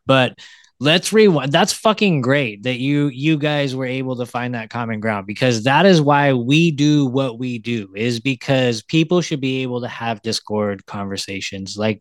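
A man's voice: mid-range voice, no echo. A man on a podcast speaking earnestly and profanely in casual chat.

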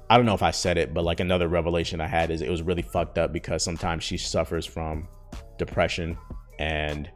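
A man in his thirties hosting a podcast, rambling and cursing freely as he vents in a candid, emotional way. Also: deep voice. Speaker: podcast host. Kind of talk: casual podcast monologue.

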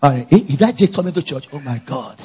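A male pastor preaching a lively sermon at a church conference, calling out to the congregation for answers. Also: mid-range voice, fast talker, husky, lo-fi sound. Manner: animated, call-and-response with congregation.

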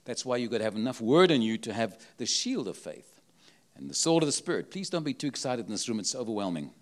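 A man's voice: mid-range voice, sing-song, fast talker. A man with an accent preaching a sermon, emphatic and full of rhetorical questions. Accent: non-local accent.

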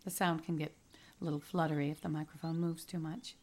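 An actress playing a polite, eager novelist who interviews people for a book in a radio drama. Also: female voice, low voice, level tone, fairly quick, darkish tone. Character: eager young woman novelist researching expats.

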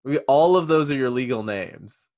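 A man's voice: mid-range voice, lively intonation, normal speed, darkish tone. A man interviewing a guest in mock-earnest fashion in an improv comedy bit.

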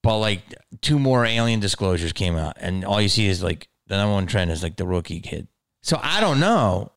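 A man hosting his own podcast, rambling in a casual, profane monologue that swings from mumbles to loud outbursts. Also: lowish voice, big pitch swings, normal speed, dry recording, clean studio sound. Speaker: podcast host.

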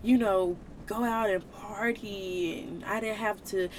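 A woman's voice: medium pitch, fairly even intonation, takes it slowly, slight background noise. A woman hosting a faith podcast, speaking in an earnest, emotional, preaching way, with casual slang. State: tearful at times. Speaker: podcast host.

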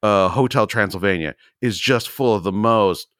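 A man in casual podcast chat, telling stories with animated asides and quoted reactions. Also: moderate pace, no room sound, studio quality. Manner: animated storyteller, jumps high when quoting himself. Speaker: podcast co-host.

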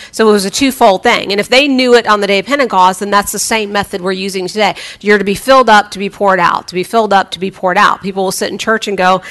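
A woman's voice: medium pitch, steady tone, quick pace, few pauses, fairly bright tone. A woman preacher giving a conversational sermon, chatty and humorous, often restarting her sentences.

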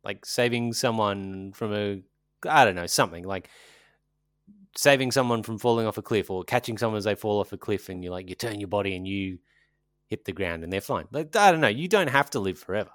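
Low-voiced man, rambling chat. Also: lively intonation, fairly quick, a bit bright, dry recording, studio quality. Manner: rambling, jokey, trails off mid-sentence. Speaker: podcast co-host. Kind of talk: casual chat.

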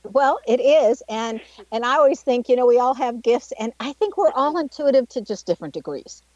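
A woman hosting a radio talk show, chatty and quick to laugh, telling stories from her own life. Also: a little high, lively intonation, a little mellow. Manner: chatty, tells personal anecdotes, laughs easily. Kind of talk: casual radio interview. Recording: dry, dull lo-fi studio sound.

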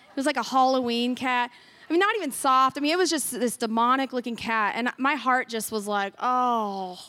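A woman with a high voice tells a church testimony. She speaks earnestly and with deep feeling, often acting out her own past thoughts as she goes. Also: fairly bright tone. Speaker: guest speaker sharing a ministry testimony.

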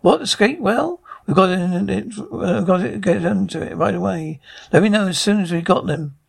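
A man's voice: high-pitched, moderate pace, gravelly, husky, full character voice. A man voicing a blustering military prison commandant who stumbles over his words in an amateur script reading. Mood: flustered. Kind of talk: amateur script read-aloud.

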